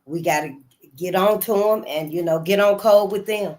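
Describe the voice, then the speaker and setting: In casual commentary on her own channel, a woman chats with her viewers, frequently repeating herself and letting thoughts trail away. She has a fairly low, somewhat dark voice and speaks at a moderate pace.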